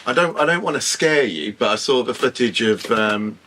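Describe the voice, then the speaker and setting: A man's voice: mid-range voice, animated, moderate pace, bright, forceful tone. A man interviewing a guest, speaking in an encouraging, reassuring way. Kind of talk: interview chat.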